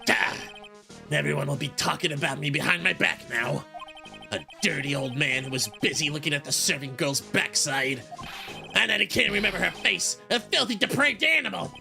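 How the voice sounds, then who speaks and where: A man's voice: fairly high pitch, moderate pace, vocal fry, sharp tone, soft background music, pitched above the performer's own voice, full character voice. A man voicing a grumpy old man who feeds pigeons, ranting and sputtering as he reads a visual novel aloud. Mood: indignant.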